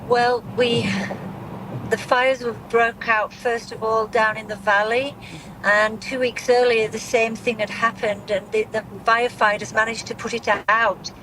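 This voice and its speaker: A middle-aged woman giving a live news interview as a grieving mother, speaking in a halting, shaken way with many restarts. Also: on the high side, flat delivery, fairly bright tone, slight background noise, poor audio.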